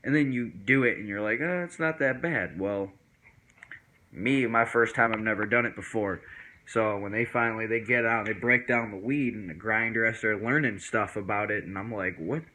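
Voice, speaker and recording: A man telling a casual personal story to the camera in a laid-back, slang-heavy way, acting out other people's voices in a higher pitch. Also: normal speed, slight background noise, poor audio. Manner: animated, acts out friends' voices in higher pitch. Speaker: vlogger.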